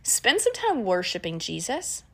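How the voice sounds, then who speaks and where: A woman's voice: medium pitch, huge pitch swings, unhurried, gravelly, husky. Earnest woman teaching faith, conversational. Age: adult parent. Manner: earnest, encouraging, conversational with fillers. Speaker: Christian podcast teacher. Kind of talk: casual teaching talk.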